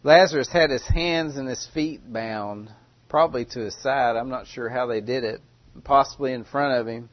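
Male preacher, mid-pitched, dramatic delivery, dry and dull recording. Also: no room sound. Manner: dramatic, with loud cries and hushed pauses. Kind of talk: sermon.

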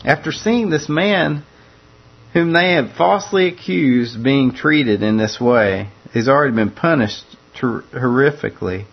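A man's voice: mid-range voice, animated, a little slow, gravelly, slightly rough, lo-fi sound. A man preaching a conversational sermon that walks through a scripture passage, often repeating words as he restarts his phrases.

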